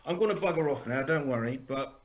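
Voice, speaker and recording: A man's voice: mid-range voice, lively intonation, fairly quick, a little hiss or hum. A man doing a dry, sarcastic stand-up set over a video call. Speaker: stand-up comedian.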